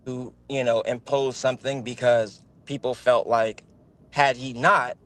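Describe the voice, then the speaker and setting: A man's voice: medium pitch, steady tone, measured pace, a bit bright. Rambling man on a video call. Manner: rambling, with many fillers and restarts. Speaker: guest on a livestream. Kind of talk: casual chat.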